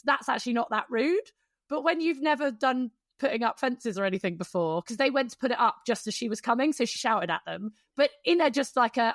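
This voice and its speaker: A woman co-hosts a casual podcast, telling rambling stories with plenty of ums. Her voice sits a little high. It sounds dry and close to the mic. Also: animated, normal speed, no echo. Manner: chatty storyteller, lots of fillers. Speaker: podcast co-host. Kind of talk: casual chat.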